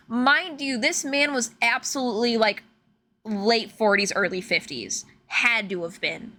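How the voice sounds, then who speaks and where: A young woman from Illinois, a streamer telling stories in casual, animated chat full of fillers while she plays a game. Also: fairly high pitch, normal speed. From Illinois, USA. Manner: animated, chatty, filler-heavy, laughs often. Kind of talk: casual storytelling while gaming.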